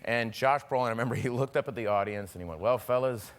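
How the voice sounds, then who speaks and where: A man, a talk show guest, telling animated anecdotes with frequent laughter in casual chat. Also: medium pitch, very fast, very noisy. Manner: animated storyteller, laughing often, slips into acted voices.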